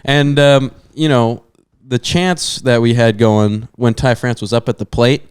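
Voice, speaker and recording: A young podcast co-host tells his co-hosts a long, rambling story packed with fillers and asides in casual chat. His medium-pitched voice is clear and resonant, fairly even and a little slow, in a dry, studio-quality recording.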